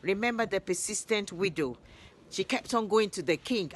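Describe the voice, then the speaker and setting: A woman's voice: normal speed, a little hiss or hum. Woman storyteller for Bible tales, mid-range voice, lifts her tone for quotes. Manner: lively retelling, voices quoted speech higher and louder.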